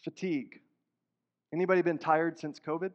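At normal speed and with a steady tone, a man with a voice on the high side preaches as pastor. He sounds earnest and conversational, rising now and then into emphatic bursts. The sanctuary recording is dull, with reverb lingering through the hall.

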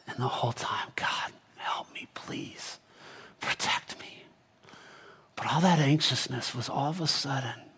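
A man telling a Bible story in the first person as a character, often dropping to a hushed whisper. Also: medium pitch, breathy edge.

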